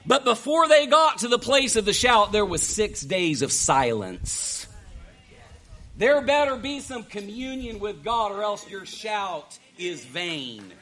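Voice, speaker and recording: Male preacher, very high voice, bright, hushed to shouting, rhetorical questions, sermon. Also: very animated, slow. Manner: swings from hushed asides to shouted exhortation; asks the congregation repeated rhetorical questions.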